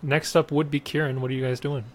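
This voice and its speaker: A man running a tabletop game as game master, explaining rules and narrating calmly. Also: a little high, quick pace. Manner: matter-of-fact, explains rules.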